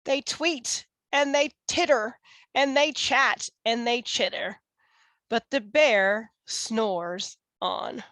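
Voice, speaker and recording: A woman reading a children's picture book aloud in a slow, expressive, sing-song way. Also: a little high, gravelly, dry recording. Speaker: storyteller.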